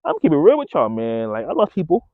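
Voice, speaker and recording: A man talks straight to his viewers in loose, casual slang and keeps calling them bro and folks. His pitch swings a lot as he tells his story. The sound is dry and narrow, like a phone line. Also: huge pitch swings, fast talker, no room sound. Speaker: vlogger.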